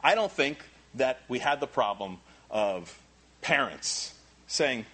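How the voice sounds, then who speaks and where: A man preaching a sermon as pastor, animated and repeating key phrases for emphasis. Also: mid-range voice, takes it slowly, breathy edge.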